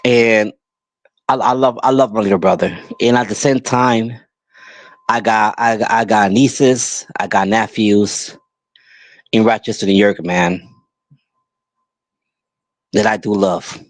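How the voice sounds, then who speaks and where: Speaking slowly with frequent pauses, the podcast host keeps a lowish, fairly even voice, recorded without echo. His monologue is furious and emphatic, full of pleas to listeners and repetition.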